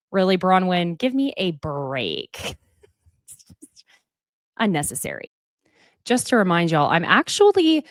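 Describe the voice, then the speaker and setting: A woman's voice: fairly low pitch, no room sound. A woman hosting a casual TV recap, chatty and sassy with emotional asides, speaking close to the mic. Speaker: reality TV recap host.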